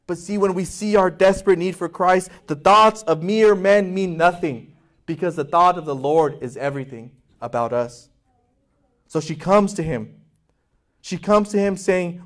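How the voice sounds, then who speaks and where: A man's voice: sits high, moderate pace. A male pastor preaching a sermon with passion, acting out voices in quotes and asking his congregation questions.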